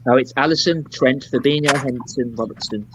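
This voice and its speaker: A man's voice: medium pitch, fairly quick, background noise. A man chatting about football in short, matter-of-fact remarks. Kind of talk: casual football chat.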